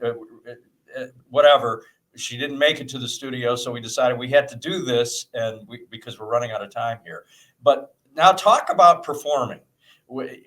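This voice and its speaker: A man hosting a casual interview, speaking in an ordinary mid-pitched voice. He jokes easily and talks loosely, stumbling over his words and starting his sentences again. He comes across as relaxed and conversational. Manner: joking, chatty, many restarts. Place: indoors.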